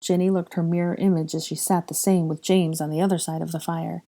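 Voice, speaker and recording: A woman reads a fan fiction chapter aloud, steady and measured. Her voice sits low and sounds mellow and warm. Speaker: narrator.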